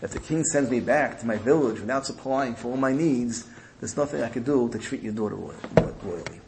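A man's voice: mid-range voice, a little fast, noisy background, natural voice. A man playing a cornered village son-in-law who admits fault and makes excuses in a subdued, apologetic way. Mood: sheepish.

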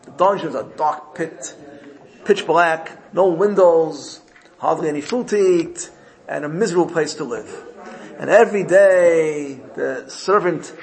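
A man teaches a Torah sermon, telling his parable in an animated way and often stopping to correct himself. His voice sits a little high with a gravelly, creaky texture. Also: measured pace, rough recording. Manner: animated storytelling, frequent self-corrections.

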